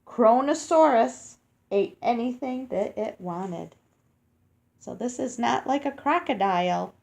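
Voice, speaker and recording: Woman, picture-book reader for children; a slightly high voice, unhurried, sounds out tricky names. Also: lively intonation, vocal fry, darkish tone. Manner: explains words and asks children questions as she reads; slow and careful, sounding out hard names.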